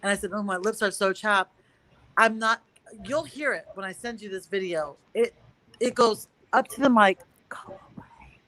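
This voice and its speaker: A woman in her thirties on a video call, telling a ghost story in an animated way during a casual stream chat. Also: mid-range voice, normal speed. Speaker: guest, twin sister.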